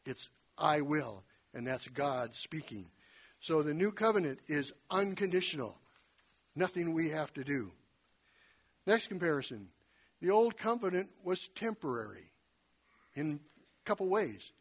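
Husky man preaching a folksy sermon. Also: on the high side, a little slow, long pauses. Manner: conversational, animated retelling with folksy asides.

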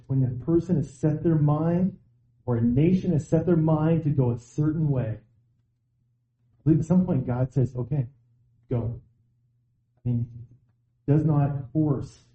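A man preaching a sermon in a relaxed, conversational way, acting out the voices of people he quotes. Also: medium pitch. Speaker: pastor. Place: church. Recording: echoey, tinny phone-like sound.

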